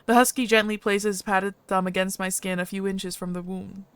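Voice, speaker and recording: A woman streamer reading a visual novel aloud with lively, expressive narration. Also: medium pitch, brisk, clean tone, dry recording.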